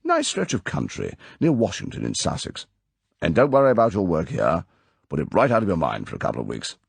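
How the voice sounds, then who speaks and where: A severe older spy chief barks out brisk, clipped orders, as a male narrator puts him on. His tone climbs and falls with a gravelly, husky edge, and the recording is close and dry with no room sound. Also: low-pitched, huge pitch swings, no room sound, heavily acted. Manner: clipped, commanding, lecturing.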